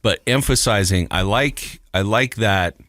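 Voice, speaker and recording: Low-voiced male psychologist co-host, thoughtful explainer, dry studio mic. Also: measured pace, a bit bright, no room sound. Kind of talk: casual podcast discussion.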